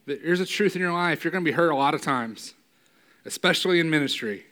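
A man with a voice on the high side preaches quickly and conversationally, often tossing in "right?". His sermon climbs to loud, emphatic peaks.

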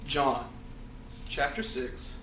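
A young man with a medium-pitched voice preaches a casual sermon to a campus ministry very slowly, often restarting and correcting himself. The room is echoey with faint ambience and background noise.

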